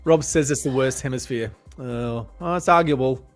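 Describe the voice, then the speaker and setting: Aussie male co-host, easygoing rambling banter, mid pitch, faint music behind. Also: moderate pace. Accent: Australian. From Australia. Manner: rambling, relaxed storytelling. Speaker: esports race co-host. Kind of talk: casual chat.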